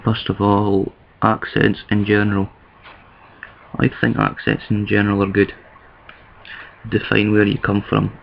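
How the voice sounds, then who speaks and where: A low-voiced Scottish man talks straight to camera in a loose, rambling vlog, his tone flat and gravelly as he thinks aloud and restarts his sentences. The recording is dull and lo-fi. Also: measured pace, pauses often, slight background noise. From east of Scotland. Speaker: vlogger. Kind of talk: casual talking-to-camera vlog.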